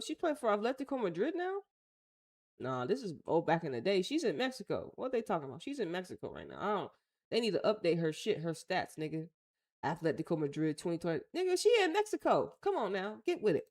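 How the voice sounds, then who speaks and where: A woman's voice: mid-range voice, big pitch swings, brisk, a little mellow. A woman with an American accent hosting a casual talk show, reading news aloud and reacting bluntly in slangy, offhand remarks. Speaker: host.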